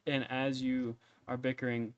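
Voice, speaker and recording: Male game master, casual, halting, mid pitch, dry. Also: flat delivery, bright, forceful tone, no echo. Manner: casual, halting, many fillers. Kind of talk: narrating a tabletop game.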